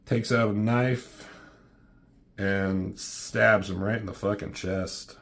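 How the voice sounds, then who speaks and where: A man's voice: lowish voice, steady tone, slow, slight background noise. A man casually talking through a comic as a reviewer, offhand and swearing freely. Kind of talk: casual commentary.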